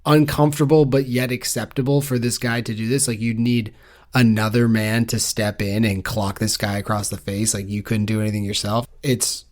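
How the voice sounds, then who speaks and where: A man's voice: lowish voice, little pitch movement, moderate pace. A man co-hosting a book podcast, talking in a blunt, joking, rambling way. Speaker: podcast co-host. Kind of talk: casual book-club chat.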